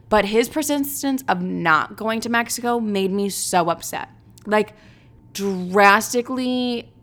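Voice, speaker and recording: A woman's voice: medium pitch, fairly bright tone. A young woman telling a dating story in casual chat, blunt and profane, with lots of "like" and dramatic retellings.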